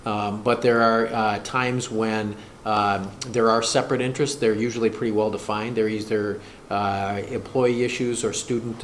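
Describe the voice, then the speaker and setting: A man speaking as a school district administrator at a board work session, talking hesitantly with many fillers and restarts. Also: fairly low pitch. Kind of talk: meeting discussion. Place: school board meeting room. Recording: echoey room, noisy, far mic.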